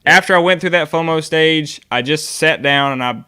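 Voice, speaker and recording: A man's voice: a little high, normal speed, sharp tone, smooth. A man co-hosting a whiskey talk show, chatting casually and telling rambling stories. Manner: rambling, self-interrupting storyteller. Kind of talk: casual chat.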